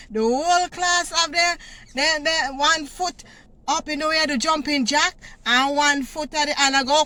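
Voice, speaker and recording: A middle-aged woman telling a story in a vlog, animated and often laughing as she talks. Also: sits high, a little slow, very noisy. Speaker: vlogger.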